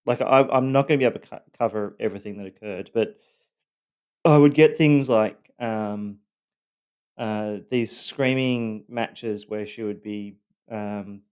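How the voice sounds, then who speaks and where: A man telling his own story of family abuse in a halting, blunt way, full of fillers and the odd swear word. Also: lowish voice, darkish tone, clean tone. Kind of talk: personal storytelling to camera.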